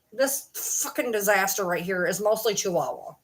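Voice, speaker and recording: Lively profane woman vlogger. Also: mid-range voice, normal speed, breathy edge. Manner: profane, rambling, talks to her dogs mid-sentence. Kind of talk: casual chat to camera.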